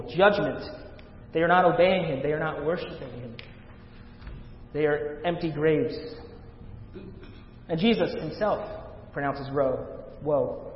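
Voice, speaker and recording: A male pastor preaching a sermon, rising loud on scripture readings and dropping to a hush at the ends of points. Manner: dramatic swells of volume on scripture, hushed low endings. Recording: echoey hall, dull lo-fi sound.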